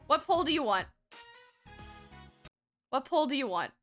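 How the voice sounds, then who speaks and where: Bright, giggly young woman streamer. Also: high voice, very animated, a little slow, soft background music. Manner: giggly, playful, swears casually, reads game text aloud. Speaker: livestreamer. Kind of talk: casual gaming stream chat.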